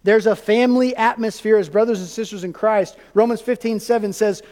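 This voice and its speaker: A man preaching a sermon as pastor, in an animated, conversational way with quick asides. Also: sits high, big-room sound.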